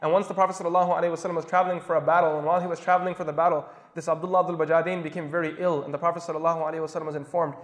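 A man's voice: fairly high pitch, little pitch movement, very fast, few pauses, in a large hall. A man telling a story in an impassioned sermon, repeating phrases for emphasis. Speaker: preacher.

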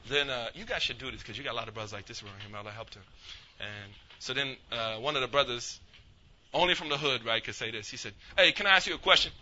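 A man's voice: mid-range voice, quick pace, noisy background. A male imam giving a casual, storytelling religious talk. He acts out the people in his story and mixes street slang with Arabic religious phrases. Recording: dull lo-fi recording.

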